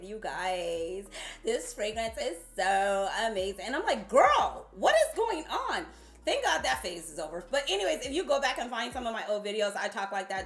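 Chatty female vlogger reviewing perfumes, talks right to viewers, roomy echo. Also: on the high side. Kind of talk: casual product review vlog.

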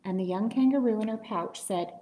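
A woman reading a picture book aloud at story time in a library, playful and animated. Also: medium pitch, brisk. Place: library room. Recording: echoey library room.

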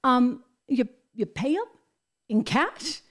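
An American woman with a slightly high voice hosts a commentary show. She talks emphatically and with animation, throwing in exasperated asides. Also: expressive, slow. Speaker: show host. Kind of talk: political commentary.

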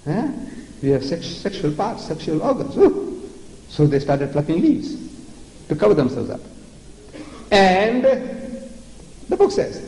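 A man's voice: on the high side, very animated, a little slow, pauses often, mellow. An older man from South Africa with a South African accent, giving a theatrical, mocking public lecture on religion and repeating words for effect. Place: large lecture hall. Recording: echoey hall with long reverb, faint noise.

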